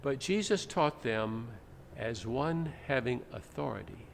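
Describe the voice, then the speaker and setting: Here a male pastor preaches expressively and a bit slowly, his medium-pitched voice gravelly. The sermon is teacherly and explanatory, with dramatic readings, set in a church sanctuary that sounds echoey over faint noise.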